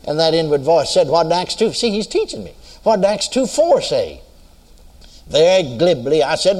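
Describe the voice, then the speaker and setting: A man's voice: fairly high pitch, expressive, normal speed, darkish tone. An older man from the United States preaching a sermon, telling a story and asking the congregation if they are listening. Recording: long hall reverb.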